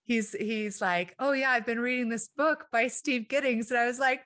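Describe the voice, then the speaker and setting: Bright-voiced woman, eager podcast host, lively storyteller. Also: on the high side, moderate pace. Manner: enthusiastic, animated storyteller, laughs often. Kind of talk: casual interview conversation.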